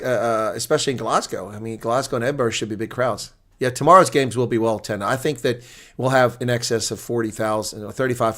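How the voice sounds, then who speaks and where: A man's voice: medium pitch, fairly bright tone. A man chatting casually on a live stream, rambling between viewer comments and rugby talk.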